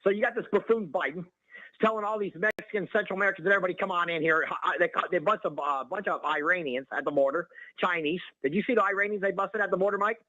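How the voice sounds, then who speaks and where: A male caller rants on a talk radio show, his voice high and quick. It sounds bright and sharp, dry and close. The sound is dull and lo-fi, like a phone line. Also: no echo. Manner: ranting, excitable, repeats the host's name. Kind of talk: heated call-in rant.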